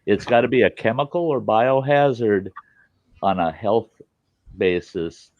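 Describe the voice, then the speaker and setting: Male podcast host, casual and profane storyteller, very animated pitch, dry lo-fi sound. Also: a little slow, dry recording. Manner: blunt, profane storyteller who acts out quoted voices.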